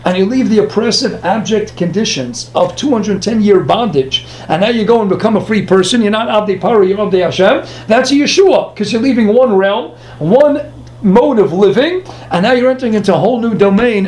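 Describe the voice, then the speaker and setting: A man teaching a Talmud lesson, firing off rhetorical questions and answering them himself. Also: high voice. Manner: animated, rhetorical questions, quick asides. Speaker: Torah teacher. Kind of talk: Talmud lecture.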